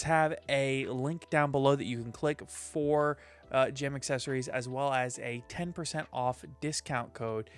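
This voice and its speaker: Upbeat man hosting a podcast, a bit high. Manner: upbeat, jokey, rattling off lists of names. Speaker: podcast host. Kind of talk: casual podcast chat and sponsor reads.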